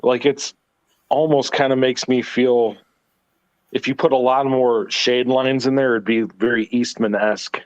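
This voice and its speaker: A man's voice: mid-range voice, fairly even intonation, a little slow, no echo. Man on dull, dry lo-fi audio. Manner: chatty, frequent restarts. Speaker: co-host. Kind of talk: casual chat.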